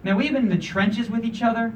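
Male preacher, 30s, casual and emphatic sermon delivery, high animated pitch, mic at a distance. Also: fast, a little hiss or hum. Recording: voice from a distance with faint room ambience.

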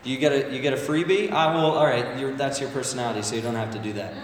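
A man's voice: mid-range voice, fast talker, a little hiss or hum. A man preaching a sermon in a conversational way, often asking the congregation "right?", with listeners calling back. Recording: echoey hall, voice from far off.

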